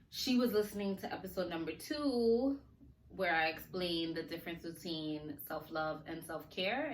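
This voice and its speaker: Bright-voiced woman chatting with a slight slur. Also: fairly low pitch, slight background noise. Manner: chatty and animated, laughing often, slangy asides to listeners. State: slightly slurred speech from a sore mouth. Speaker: podcast host. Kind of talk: casual chat. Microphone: recorded on video for a podcast. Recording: roomy echo, faint ambience.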